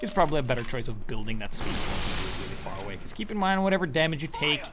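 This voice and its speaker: A man commentating over video game footage, excitable and profane, often breaking into shouts and laughter. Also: medium pitch, very fast, a loud crowd. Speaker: gaming commentator.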